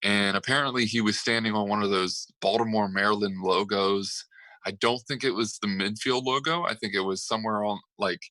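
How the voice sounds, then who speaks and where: A man co-hosts a casual sports chat, telling his stories in a loose, rambling way full of "uh" and "like." His voice sits fairly low but comes across bright and forceful. The sound is dry and close, with no room around it. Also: steady tone, brisk, no echo, rough recording. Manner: rambling, laughing storyteller with many fillers. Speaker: sports podcast co-host.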